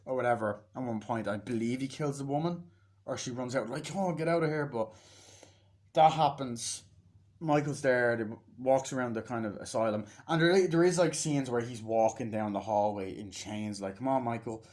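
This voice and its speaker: A man's voice: mid-range voice, moderate pace, a little mellow. A man giving a casual, rambling movie review, swearing freely and acting out scenes in different voices. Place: self-recorded on a battery-powered device.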